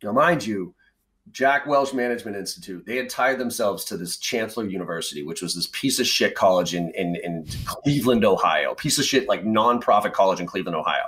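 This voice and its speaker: A man's voice: fairly low pitch, a little fast, a bit bright. A middle-aged man from the Boston area, a sales trainer telling stories as a podcast guest in a blunt, conversational way, swearing freely. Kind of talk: casual storytelling in a podcast interview.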